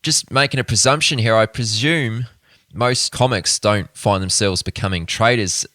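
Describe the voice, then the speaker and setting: Relaxed male interviewer, lowish voice, dry close mic. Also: normal speed, no echo. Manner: easygoing, asks short questions. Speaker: podcast host. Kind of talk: casual interview.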